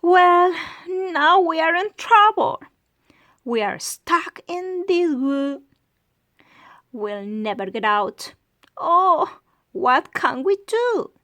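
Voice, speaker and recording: High, squealing little storybook monkeys in a total panic, their voices leaping up and swooping wildly, as a woman puts them on. They sound small, young and easily alarmed, and the sound is close and dry. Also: expressive, drawn-out words, sharp tone, no room sound, exaggerated voice. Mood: worried.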